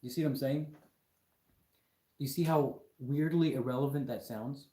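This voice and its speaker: A man's voice: mid-range voice, fairly even intonation, moderate pace, dark tone, reverberant. A young man hosting a live stream, lecturing his chat viewers in an argumentative, mocking way. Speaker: livestream host.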